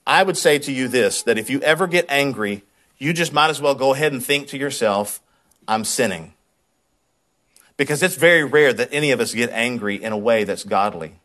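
This man, preaching as a pastor, tells his own story in an engaging, chatty way, and his words repeat when he gets heated. The pitch sits in the middle, and the pace is fairly quick.

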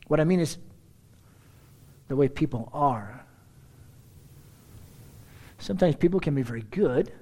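Animated man preaching a sermon. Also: on the high side, unhurried, long pauses. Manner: animated storyteller, conversational asides, frequent throat-clearing. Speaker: pastor. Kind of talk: sermon with personal stories.

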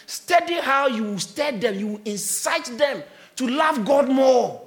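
High-voiced man preaching. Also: animated, slow pace. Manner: preaching with bursts of shouting and laughter. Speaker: pastor. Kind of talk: sermon.

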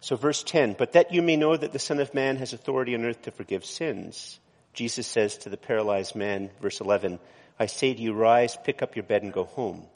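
A man's voice: mid-range voice, brisk, a little mellow, long reverb tail. A man, a pastor, preaching a conversational sermon in a church, with frequent restarts and asides.

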